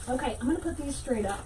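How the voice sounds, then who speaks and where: A woman hosting a casual livestream craft tutorial, chatting with viewers and thinking out loud as she works. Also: high voice, a little hiss or hum, rough recording. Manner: chatty, reads viewer comments aloud, thinks out loud while working. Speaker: wreath-making teacher and livestream host.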